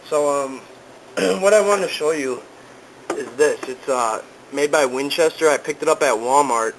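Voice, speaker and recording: A man's voice: fairly high pitch, a little slow, a little hiss or hum, low-quality recording. A young man casually talking to camera in a vlog, easygoing and rambling with lots of ums and uhs. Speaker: vlogger. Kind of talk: casual product talk to camera.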